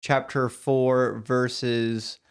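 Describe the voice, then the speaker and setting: A man's voice: medium pitch, level tone, very slow, smooth, no echo, clean studio sound. A man co-hosting a casual podcast, joking around, correcting himself, and steering the talk back to the text. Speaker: podcast co-host. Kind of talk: casual chat.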